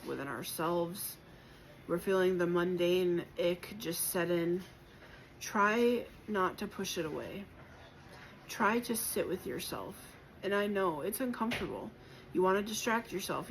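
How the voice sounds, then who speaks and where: Woman doing a spiritual tarot reading, lowish voice, gentle and encouraging, lots of ums and pauses, bit of faint hiss. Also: rough recording. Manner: gentle, encouraging and reflective, with many pauses and fillers; emotional at times. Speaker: tarot reader.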